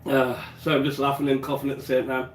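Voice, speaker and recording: A completely flat, quick, mid-range voice marks this English host from England as he bakes on a live stream and chats with viewers. The small home kitchen sounds roomy with background noise, and he's congested and coughs now and then.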